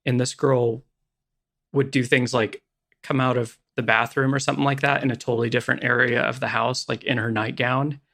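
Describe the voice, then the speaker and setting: A man's voice: mid-range voice, level tone, fairly quick, a bit bright. A man co-hosting a podcast, telling a rambling, self-deprecating story in casual chat. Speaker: podcast co-host.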